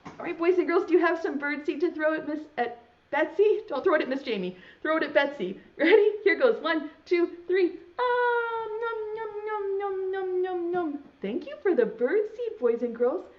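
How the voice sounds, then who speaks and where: Woman preschool teacher, storybook read-aloud, very lively pitch, dull lo-fi sound. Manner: animated, slow and sing-song, talks straight to children.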